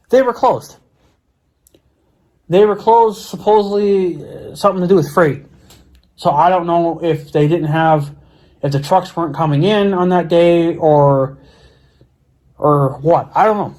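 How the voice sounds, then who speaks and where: A man's voice: on the high side, measured pace, pauses often, darkish tone. A middle-aged man ranting casually on his vlog, swearing often and stumbling over his words. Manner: profane, exasperated, repeats himself and stumbles over words. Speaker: vlogger. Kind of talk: casual angry rant. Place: at home, near his mower and four-wheeler.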